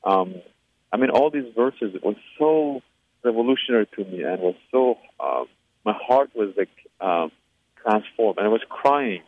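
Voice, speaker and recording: An interview guest from Iran gives an earnest testimony of his personal faith, hesitating often and using fillers. His voice is fairly low and animated at a measured pace, and the recording sounds tinny, like a phone line, dry with no room sound.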